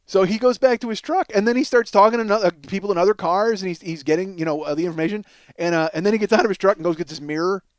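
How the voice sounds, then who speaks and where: A man's voice: high-pitched, very fast, dry recording. A man in his forties, a podcast host, telling a rambling, profane comic story and laughing at himself. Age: 40s. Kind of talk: comedic storytelling monologue.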